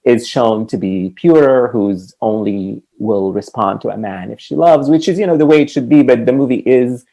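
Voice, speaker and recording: List: man, podcast co-host, low mellow voice with fry, animated, laughs often. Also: normal speed, hardly any pauses, rough recording. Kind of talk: casual film discussion.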